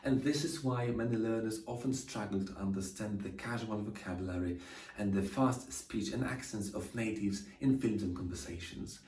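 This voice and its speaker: Man, lesson, clear modelling of phrases, roomy sound. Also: fairly low pitch, moderate pace, a little mellow, distant mic. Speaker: English teacher. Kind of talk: English lesson explaining slang.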